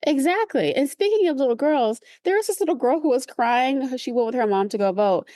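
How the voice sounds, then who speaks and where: A woman co-hosting a podcast in casual chat, animated and playful, slipping into high mimicking voices. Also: a little fast, no room sound, clean studio sound. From California. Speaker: podcast co-host.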